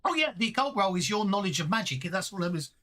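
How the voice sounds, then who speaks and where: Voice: medium pitch, sing-song, fast talker, bright, forceful tone. A game master narrating a tabletop game in a chatty way, stopping now and then to correct themself.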